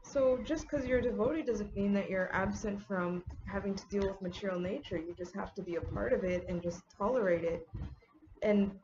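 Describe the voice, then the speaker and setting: A woman's voice: medium pitch, normal speed, noisy background. Young adult woman, casual vlogger, rambling and filler-heavy, faint background ambience. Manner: chatty, many "like"s and "um"s. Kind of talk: casual get-ready-with-me talk. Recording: slightly dull audio with faint ambience.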